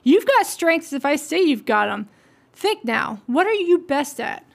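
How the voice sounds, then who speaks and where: A woman reading aloud as a gruff, grizzled old male wizard teacher who growls his advice. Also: sits high, sing-song, unhurried, heavily acted.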